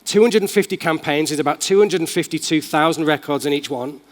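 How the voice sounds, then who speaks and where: A man's voice: fairly high pitch, brisk. A man with a Manchester accent giving an enthusiastic, casual live tech demo as a conference keynote speaker in a large hall. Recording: long hall reverb.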